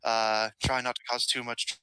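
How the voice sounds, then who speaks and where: A man playing a gentle, wistful elf father. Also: mid-range voice, little pitch movement, moderate pace, clear, resonant tone, dry recording, rough recording. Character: kindly adult male elf adoptive father.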